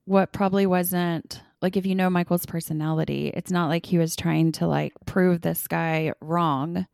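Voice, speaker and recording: Gravelly low-voiced woman chatting. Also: fairly even intonation, moderate pace, darkish tone. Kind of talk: casual chat.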